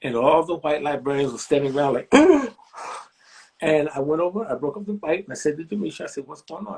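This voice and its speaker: In his sixties, this library director speaks fairly quickly with a husky voice and vocal fry while telling stories in an interview. He animates his anecdotes by performing quoted voices with big pitch jumps.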